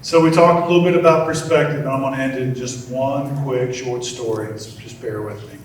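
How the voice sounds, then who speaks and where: An older man giving a heartfelt acceptance speech with gentle, storytelling humor, at a podium in a large event hall. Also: medium pitch, steady tone, fairly quick, heavy background noise. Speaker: award honoree. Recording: echoey hall from far off.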